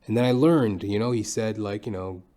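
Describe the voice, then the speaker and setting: A young man hosts a podcast, his voice on the low side, mellow, and at a moderate pace. Speaking into a podcast microphone, he spins a rambling, profane comic story as a casual monologue packed with fillers.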